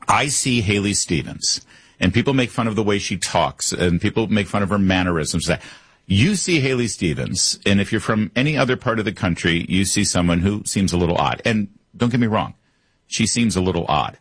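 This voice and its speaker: A man's voice: on the low side, animated, normal speed, slightly rough, no echo. A man hosting a political talk show, opinionated and conversational, with frequent fillers. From Michigan. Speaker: talk radio host. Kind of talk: political commentary.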